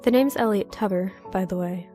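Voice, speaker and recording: A gruff older southern recluse voiced by a woman with a Southern accent. He talks in a curt, stern, ominous way at a mid pitch. Faint music plays under the storybook reading. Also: normal speed, mellow, lightly acted. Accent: American Southern.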